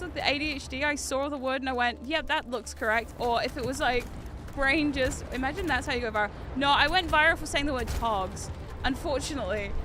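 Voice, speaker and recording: A young woman from the UK with a British accent softened by New Zealand, chatting casually while streaming a game, rambling on tangents and swearing freely. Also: high voice. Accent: British mixed with New Zealand. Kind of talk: casual gaming stream chat.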